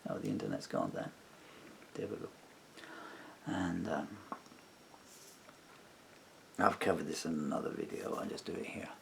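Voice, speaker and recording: A man's voice: extremely low pitch, big pitch swings, a little fast, gravelly, fairly bright tone, a little hiss or hum. A man telling a long grievance in a personal vlog, rambling and indignant, acting out what others said. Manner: indignant, rambling retelling with acted-out quotes. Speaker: vlogger.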